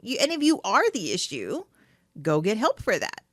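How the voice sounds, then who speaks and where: A woman talks on a podcast about coping and feelings, her pitch moving up and down a lot as she makes her points. The mic sits close and the room sounds dry, with no echo at all. She keeps it casual and heartfelt, with many filler phrases. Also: moderate pace. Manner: animated and earnest, many "you know"s and "like"s. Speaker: podcast co-host. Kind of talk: casual mental health chat.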